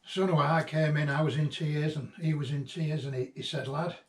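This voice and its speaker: A man reminiscing casually about a late friend, halting and reflective, with frequent ums and restarts. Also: on the high side, steady tone. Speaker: vlogger remembering a late friend. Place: at the friend's old house and garden. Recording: roomy echo, distant mic, faint ambient noise.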